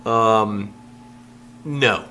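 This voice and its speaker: A man with a very low voice co-hosting a casual podcast. His tone is bright and forceful, and he gives short agreeing replies and blunt opinions. A faint hum runs behind him. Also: extremely slow. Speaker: podcast co-host. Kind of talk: casual chat.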